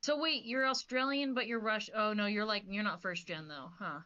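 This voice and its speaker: A woman's voice: medium pitch, moderate pace, pushed and bright, clear, resonant tone, highs cut off. An American woman chatting on a stream, teasing and asking curious questions. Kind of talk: casual chat.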